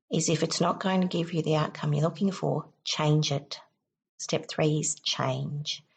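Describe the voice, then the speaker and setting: A woman hosting a self-help podcast, explaining steps in a calm, instructive way. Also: low voice, creaky, husky. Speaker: podcast host.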